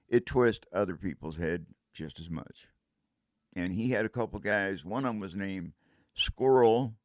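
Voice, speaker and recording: A man's voice: fairly low pitch, no room sound, studio quality. An older man telling a casual first-person story in a rambling way, breaking into vocal sound effects.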